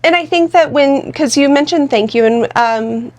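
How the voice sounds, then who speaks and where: A woman co-hosts a podcast in a high, slightly mellow voice at a moderate pace. Chatting casually, she lays out points directly and works through examples.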